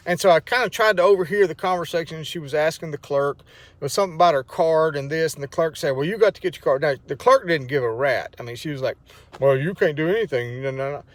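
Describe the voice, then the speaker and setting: A man's voice: on the high side, dry recording. Emotional man telling a story. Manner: rambling, emotional storytelling with many restarts. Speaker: vlogger sharing a testimony. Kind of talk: casual spoken testimony.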